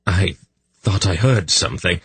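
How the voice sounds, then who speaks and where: A man's voice: deep voice, a little slow, fairly bright tone, husky, no room sound, exaggerated voice. A man voicing a sly, alert thief in an audiobook, speaking sharply and urgently. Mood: alarmed, urgent.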